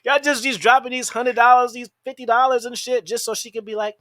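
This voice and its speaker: A man in a studio podcast, talking in crude, animated, mocking banter and laughing often. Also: very high voice, brisk, few pauses, no echo. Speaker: podcast host.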